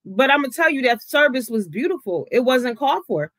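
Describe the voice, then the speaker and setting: Casual vlogger ranting, cusses freely, voice jumps high when annoyed, dry recording. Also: very animated, brisk, a bit bright, no room sound. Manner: outspoken, swears freely, voice jumps up when riled. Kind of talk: casual commentary vlog.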